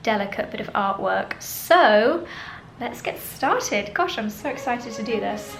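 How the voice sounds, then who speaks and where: A woman's voice: mid-range voice, lively intonation, moderate pace, vocal fry, fairly bright tone, soft background music, rough recording. A woman chatting casually to camera at home in a playful, giggly way. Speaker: lifestyle vlogger. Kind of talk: casual vlog chat to camera. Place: at home indoors.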